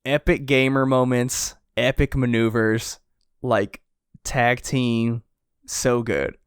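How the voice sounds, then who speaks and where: A man co-hosting a casual podcast chat, excitable, laughing often and acting out quotes. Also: mid-range voice, slow pace, clear, resonant tone, dry recording, studio quality. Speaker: podcast co-host. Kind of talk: casual chat reviewing a chapter.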